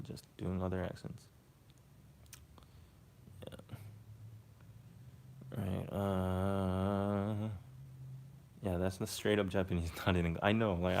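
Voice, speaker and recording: A man's voice: sits low, creaky, a little hiss or hum. A man casually chatting to his viewers during a live stream, rambling and hesitant and swearing now and then. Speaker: live streamer reading chat.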